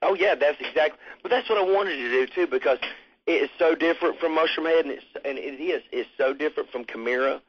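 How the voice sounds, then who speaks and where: A man's voice: fairly high pitch, fast, breathy edge. A man being interviewed about his band, talking in a rambling, laid-back way with casual swearing. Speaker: musician interviewee. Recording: muffled lo-fi recording.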